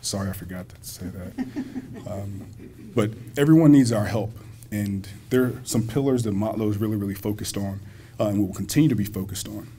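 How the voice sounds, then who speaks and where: A man's voice: lowish voice, fairly quick, few pauses, mellow, slight background noise. A man speaking as a college president at a community banquet, folksy and joking, talking directly to the audience. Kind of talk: public speech at a banquet. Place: school hall at a banquet.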